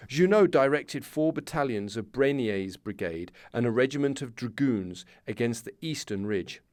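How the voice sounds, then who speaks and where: Male history podcast host, scripted storytelling, close dry mic, mid pitch. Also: lively intonation, normal speed, darkish tone, dry recording. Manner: storytelling with casual asides.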